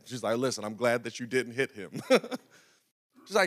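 A man's voice: medium pitch, expressive, fairly quick. A young adult man, a pastor, preaching in a conversational storytelling style and often checking in with the congregation. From North Carolina. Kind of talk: sermon storytelling.

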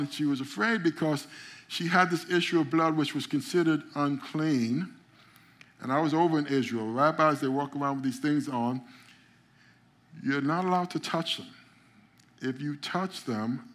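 A man preaching a sermon with a somewhat higher-pitched voice. He builds to emphatic, rising peaks and calls out to his congregation. He often trips over repeated words as he goes. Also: fairly bright tone. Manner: frequent stammered repeats. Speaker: pastor.

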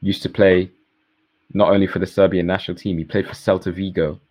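Man, deep voice, podcast co-host, relaxed, dry lo-fi recording. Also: brisk, no echo. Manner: relaxed, shares facts with fillers. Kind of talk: casual podcast chat. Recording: dull dry lo-fi sound.

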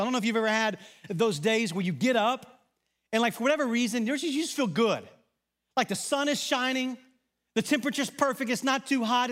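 A man from Arkansas with a Southern accent, preaching a sermon in a conversational style that swings between loud emphasis and quiet asides. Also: extremely high pitch. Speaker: pastor. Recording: long reverb of a large hall.

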